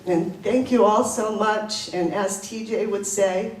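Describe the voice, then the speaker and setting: A woman giving an informal eulogy at a gathering, telling anecdotes with many fillers and pauses, laughing as she talks. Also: medium pitch, fairly even intonation, darkish tone, a little hiss or hum. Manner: halting, many fillers, laughs through stories. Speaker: memorial speaker. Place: coffee house gathering. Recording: roomy, distant, live audience.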